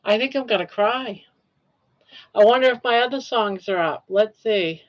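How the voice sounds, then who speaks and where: A woman's voice: a little high, normal speed, dull audio. An older woman hosting a casual livestream, talking in an awed, emotional way and repeating herself. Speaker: livestream host.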